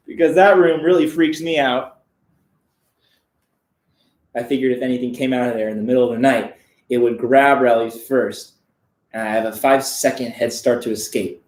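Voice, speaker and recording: A man giving a deadpan, mock-serious reading of a children's book on a live stream, breaking off for crude asides. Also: mid-range voice, reverberant.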